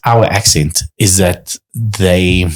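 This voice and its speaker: A man with a lowish voice, chatting casually on a podcast. He rambles through his stories with plenty of swearing and acts out the people in them. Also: steady tone, slow pace. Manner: rambling storyteller, swears freely, acts out quotes. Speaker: podcast co-host. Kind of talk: casual chat.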